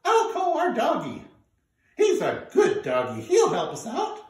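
A man voicing an eager young granddaughter in a squeaky, chirpy voice, heard in an echoey room from a distance. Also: wildly swooping pitch, unhurried, full character voice.

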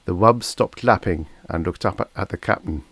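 A man reading a vintage science fiction story aloud as an audiobook narrator, in a measured storytelling manner. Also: sits low, a bit bright, husky, no echo. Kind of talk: scripted narration.

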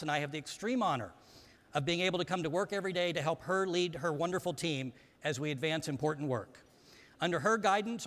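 A man delivering a prepared speech from a stage in a measured, formal manner, introducing a panel at a conference. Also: a little high, fairly bright tone. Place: large conference hall. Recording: reverberant hall.

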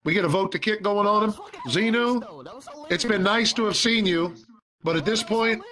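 A man's voice: high-pitched, moderate pace, sharp tone. A man emceeing an open mic in a brash, sarcastic, swearing manner. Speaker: open-mic emcee in a virtual chat room. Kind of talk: casual emcee banter. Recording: crowd chatter behind.

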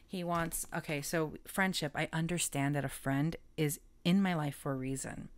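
Casting: low-pitched woman, chatty tarot reader, rambling and giggly. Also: clear, resonant tone. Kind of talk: casual spoken tarot reading.

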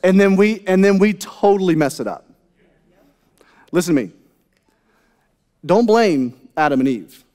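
Male pastor, high voice, chatty sermon full of rhetorical asides, long hall reverb. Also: lively intonation, a little slow, long pauses, dark tone. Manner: conversational, rhetorical questions and asides to the congregation. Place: church sanctuary.

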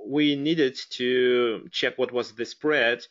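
A man with a Russian accent presents a live webinar in an unhurried, halting way, often pausing on fillers and restarting his sentences. His voice sits at an ordinary pitch, and the computer-mic audio sounds dull and lo-fi. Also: fairly even intonation, fairly bright tone. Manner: hesitant, many fillers and restarts. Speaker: webinar host.

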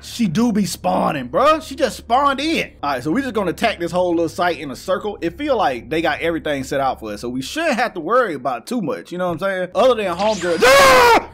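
A young man giving excitable, slangy let's-play commentary while playing a horror game. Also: sits high, fast, hardly any pauses, a little hiss or hum. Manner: excitable, slangy banter with viewers. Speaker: gaming commentator.

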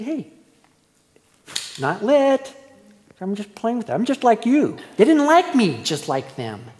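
A man's voice: sits high, darkish tone. A male pastor preaching a verse-by-verse sermon in a conversational, storytelling way. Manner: conversational storytelling, acts out quoted voices. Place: church hall. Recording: long church reverb.

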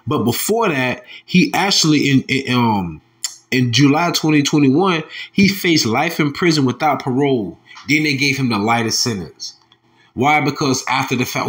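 A heated male preacher, who reads scripture in a low, slow voice and then breaks into angry, mocking street talk. He curses freely and scoffs as he preaches. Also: animated, a bit bright. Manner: heated, profane, mocking, drops to low tones reading verses. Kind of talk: scripture commentary with angry asides.

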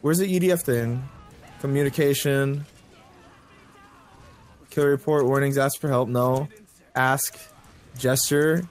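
A raspy young man chatting casually and laughing a lot while playing a co-op game. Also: mid-range voice, slow pace, long pauses, soft background music. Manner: laughs often, rambling. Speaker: gamer. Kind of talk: casual co-op gameplay chat.

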